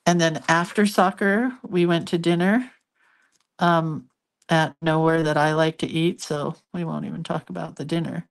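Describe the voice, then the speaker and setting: Chatty older woman with a lowish voice. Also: fairly even intonation, normal speed. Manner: chatty and giggly, storytelling with asides. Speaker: hand-lettering artist hosting a live stream. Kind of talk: casual live-stream chat while drawing.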